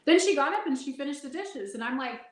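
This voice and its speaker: A woman's voice: sits high, animated, fast, echoey room, poor audio. A woman telling a personal paranormal story as a guest, laughing often and acting out the lines of the people in it. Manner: laughs often while talking, acts out her own and others' quoted lines. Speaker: guest sharing a paranormal experience.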